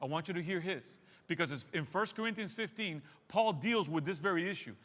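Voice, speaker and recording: High, bright-voiced man preaching a sermon. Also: expressive, fairly quick, in a large hall. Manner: emphatic, repeats phrases, addresses the congregation directly. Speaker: pastor. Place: church sanctuary.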